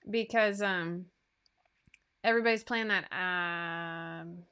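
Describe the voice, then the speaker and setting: Bright-voiced woman hosting a sewing livestream. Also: on the low side, slow, smooth. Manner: chatty, asides and fillers between list items. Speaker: host of a sewing pattern livestream. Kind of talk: casual livestream chat reading out giveaway winners.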